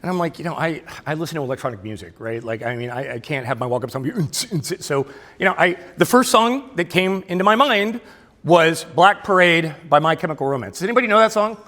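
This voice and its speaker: A man's voice: fairly high pitch, lively intonation, quick pace, fairly bright tone. A middle-aged man giving a keynote speech in a self-deprecating storytelling way. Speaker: keynote speaker. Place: large hall at a luncheon. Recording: long hall reverb.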